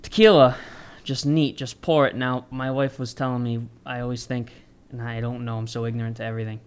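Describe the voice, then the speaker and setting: A man's voice: medium pitch, flat delivery, a little fast, clean tone. A man hosting a podcast, joking around and laughing often, casual and chummy. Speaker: podcast host.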